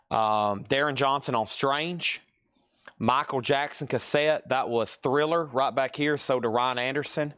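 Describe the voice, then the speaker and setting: A man hosting a live record sale, briskly calling out items and prices and repeating buyers' names. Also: medium pitch, a bit bright, dry recording. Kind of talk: live-stream sales patter.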